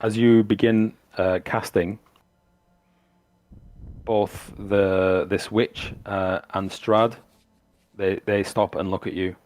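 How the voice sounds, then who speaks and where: A man running a tabletop game as game master, narrating the scene descriptively and halting often with fillers. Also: on the low side, flat delivery, darkish tone, slight background noise.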